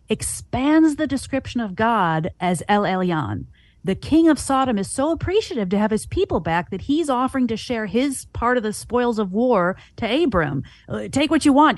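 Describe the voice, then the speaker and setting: A woman's voice: a little high, darkish tone, no echo. A woman explaining Bible passages in an earnest teaching manner, asking and answering her own questions. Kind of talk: Christian teaching podcast.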